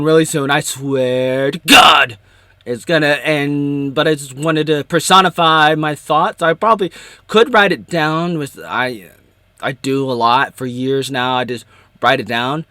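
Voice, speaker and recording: A man rambling playfully through a solo vlog, doubling back and contradicting himself. His voice is high and bright, recorded dry and close. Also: steady tone, a little slow, no echo. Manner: rambling, self-interrupting, playful. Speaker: YouTuber.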